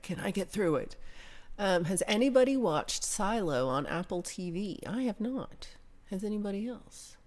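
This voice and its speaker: An American woman hosting a livestream, chatting casually and reading viewer comments aloud in a rambling way, with casual swearing. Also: on the low side. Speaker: livestream host.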